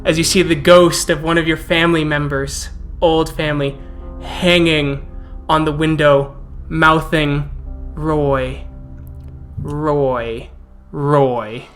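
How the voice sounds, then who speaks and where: A man narrating a tabletop role-playing game as game master, setting scenes in a calm, descriptive way. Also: a little high, measured pace, faint music behind.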